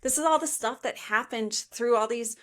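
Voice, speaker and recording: A woman's voice: fairly high pitch, moderate pace. Woman from chicago suburbs telling travel stories on a podcast, lots of like and you know. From suburbs of Chicago, USA. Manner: animated storyteller, many fillers like "like" and "you know". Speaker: podcast guest, author. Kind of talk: casual interview chat.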